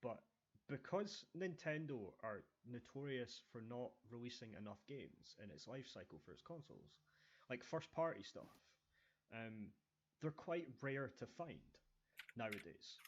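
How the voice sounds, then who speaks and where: Scottish man, relaxed rambling chat, middle pitch, dull lo-fi sound. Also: unhurried. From Scotland. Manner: relaxed storytelling with many fillers. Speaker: podcast co-host. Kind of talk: casual chat. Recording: dull lo-fi audio.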